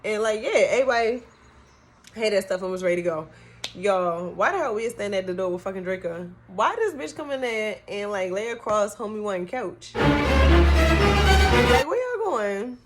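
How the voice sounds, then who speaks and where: Animated, cussing young woman telling a story. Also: medium pitch, fairly quick, faint music behind. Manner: animated, profane, acts out quotes. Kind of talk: casual storytime vlog.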